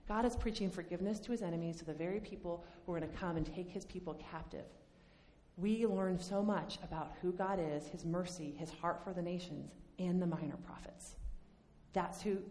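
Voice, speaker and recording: A woman teaching a Bible study lesson in a conversational, animated way, acting out the lines she quotes. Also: fairly low pitch, moderate pace, slight background noise. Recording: long hall reverb.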